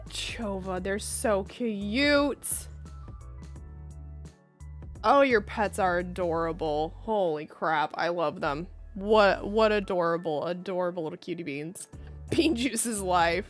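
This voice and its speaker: A young woman streaming live, chatting in a bubbly, giggly way and greeting viewers by name. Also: on the low side. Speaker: livestreamer. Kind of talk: casual live-stream chat.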